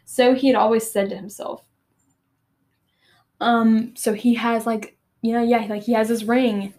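A teenage girl hosts a book podcast, retelling a chapter in a chatty, filler-heavy way and reading passages aloud. Her voice sits fairly high. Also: flat delivery, unhurried, a little mellow. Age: teens. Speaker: podcast host.

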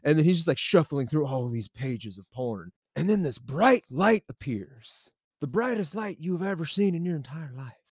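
A young man from the American South, casually telling a long story on a podcast, animated and laughing often with many fillers. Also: fairly high pitch, moderate pace, husky, no room sound, studio quality. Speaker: podcast co-host.

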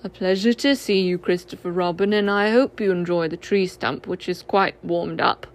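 A woman voicing a gloomy old male donkey in a storybook reading, speaking slowly and self-pityingly. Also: on the low side, fairly even intonation, voice pushed down, lightly acted. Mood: glum. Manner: slow, sighing and self-pitying.

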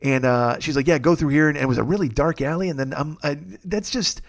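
Fast-talking wry rambling man. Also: a little high. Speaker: podcast host. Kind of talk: casual comic monologue.

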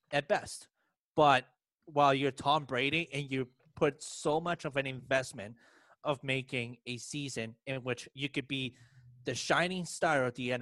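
A man's voice: mid-range voice, a bit bright, dry recording. A man co-hosting a sports podcast, arguing his point in long run-on sentences. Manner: argumentative, long run-on reasoning. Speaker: podcast co-host. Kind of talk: casual sports chat.

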